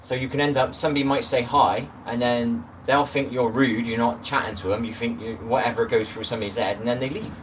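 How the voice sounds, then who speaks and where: A man's voice: medium pitch, fairly even intonation, a little fast, few pauses, a bit bright. A middle-aged man chatting casually on a live stream, rambling and greeting viewers by name. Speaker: livestream host. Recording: distant phone mic with noise.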